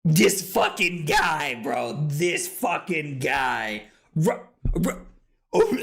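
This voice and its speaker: Male streamer, tipsy, loud, swears a lot; very animated delivery with a bright edge. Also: high-pitched, measured pace, creaky. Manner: loud, swearing, jokey, often laughing. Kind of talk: casual live-stream chat. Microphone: streaming microphone.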